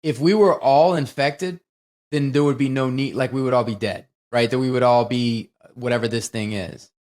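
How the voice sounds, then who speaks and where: A man co-hosting a podcast, talking casually about a film and retelling its scenes in an animated, profane way. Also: mid-range voice, normal speed. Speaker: podcast co-host.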